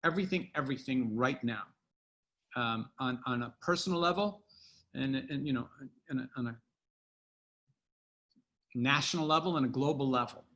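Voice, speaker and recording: Guy guest on a podcast, mid pitch, stretches out words for effect, lots of so-so restarts. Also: sharp tone, highs cut off. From United States. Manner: emphatic, drawn-out, many restarts. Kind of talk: storytelling interview answer.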